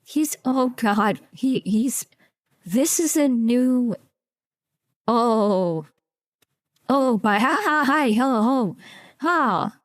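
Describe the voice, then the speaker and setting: A woman streamer reacts live, giggling and flustered as she thanks her chat. Her voice is high and her talk is slow and drawn out. The mic is close and dry. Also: animated, no echo.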